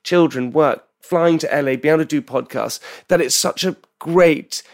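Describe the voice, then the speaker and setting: Man, podcast guest, slightly high voice, earnest, rambling. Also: moderate pace. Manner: rambling, earnest, self-doubting. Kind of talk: casual interview chat.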